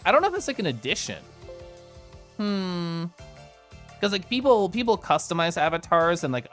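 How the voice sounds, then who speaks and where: A young man hosts a live stream, talking casually and giggling often. His voice sits a little high and swings widely in pitch. Soft music plays underneath. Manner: giggly, animated, chatty with viewers.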